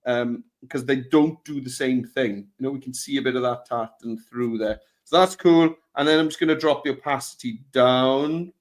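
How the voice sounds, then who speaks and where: A man co-hosting a live software lesson, playful and chatty as he demonstrates the steps. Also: medium pitch, moderate pace, few pauses. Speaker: co-host, design tutor.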